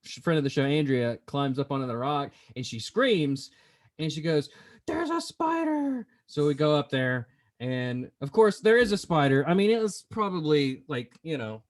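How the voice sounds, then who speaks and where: A man hosting a podcast in casual chat, telling stories in a playful, animated way. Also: a little high, normal speed. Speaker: podcast host.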